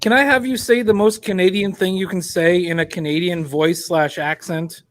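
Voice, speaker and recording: An American man in casual podcast banter, firing quick quizzical questions. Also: sits high, fairly even intonation, a bit bright. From United States.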